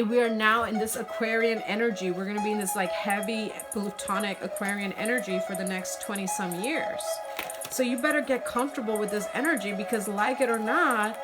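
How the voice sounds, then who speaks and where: Spiritual woman reading tarot over music. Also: medium pitch. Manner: repeats "okay?" often, earnest and spiritual; greets live chat viewers. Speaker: tarot reader. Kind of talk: live-streamed tarot reading. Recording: music playing behind.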